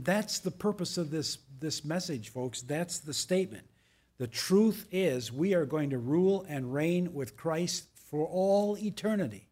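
A man's voice: on the high side, darkish tone. A man preaching a verse-by-verse sermon as pastor, reading verses with emphasis and adding casual asides to the congregation.

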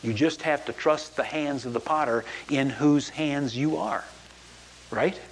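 A man's voice: fairly high pitch, a little slow, slight background noise, low-quality recording. A man preaching a sermon as a pastor, telling stories and acting out quoted voices with emphasis.

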